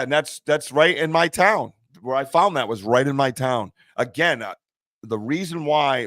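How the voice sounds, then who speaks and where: A man hosting a live stream, in easy, casual banter. He sounds chatty and excitable, with a mid-pitched voice. The sound is dry and close, with no room echo. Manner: chatty and excitable, with loose restarts. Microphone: streaming setup mic.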